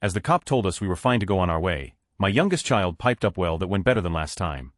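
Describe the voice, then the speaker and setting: A man reading short online stories aloud as scripted narration, with a flat delivery that lifts at each story heading. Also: deep voice, fast talker, dry recording, clean studio sound.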